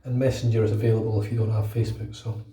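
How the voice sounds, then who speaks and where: A man's voice: fairly low pitch, little pitch movement, racing, dark tone, echoey room, distant mic, soft background music. British bloke rambling and swearing while he shaves, kinda stuffy with a cold, sounds off-mic in a tiled room. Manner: chatty, swears freely, rambling. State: under the weather with a cold. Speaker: shaving vlogger. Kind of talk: casual vlog talk while shaving. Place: bathroom at home.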